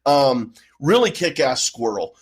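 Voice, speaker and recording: A man from the American Midwest, telling an anecdote on a podcast in a relaxed, rambling way. He swears often and drifts through many fillers. His voice sits at an ordinary middle pitch. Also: a little slow, breathy edge, low-quality recording. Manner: laid-back, profane storytelling. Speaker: podcast co-host. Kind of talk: casual chat.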